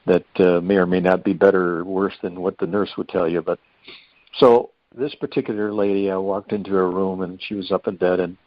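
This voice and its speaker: Low-voiced older man telling stories. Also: level tone, a little fast, no echo. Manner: folksy, rambling storyteller. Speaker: hospice volunteer guest. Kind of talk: anecdotal storytelling in an interview. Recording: dull lo-fi dry recording.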